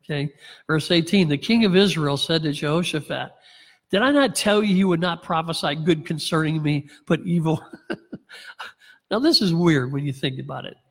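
A pastor with a voice somewhat higher than most men's reads scripture aloud during a sermon, acting out the lines with dry, sarcastic humor. He keeps a moderate pace, and a long reverb follows him as if in a large hall.

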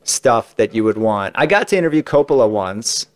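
A man's voice: on the low side, sing-song, normal speed. A man on a podcast, chatting casually as a guest and telling long stories about interviews he has done, with lots of asides. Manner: chatty, rambling, many asides. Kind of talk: casual anecdotal storytelling.

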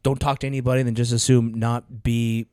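Earnest podcast guy, kinda mellow, starts and restarts a lot, dead dry sound. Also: mid-range voice, little pitch movement, dry recording. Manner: earnest, halting with fillers and restarts. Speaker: podcast co-host. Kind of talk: casual chat.

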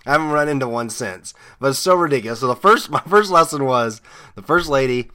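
A man's voice: medium pitch, lively intonation, brisk, sharp tone. A man hosting a podcast, telling rambling, amused stories in a casual monologue full of fillers and restarts. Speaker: podcast host.

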